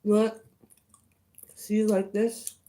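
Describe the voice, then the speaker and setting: This woman hosts a mukbang livestream, chewing slowly and murmuring appreciatively as she eats. She calls out chat viewers by name between bites, in a medium-pitched, warm voice with a flat delivery.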